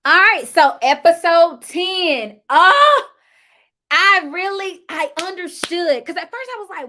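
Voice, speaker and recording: A woman's voice: very high voice, animated, slow, sharp tone. A woman with a Southern accent, chatting casually as she reviews a reality show for her viewers, laughing often and addressing them as y'all. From United States. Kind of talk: casual live review chat.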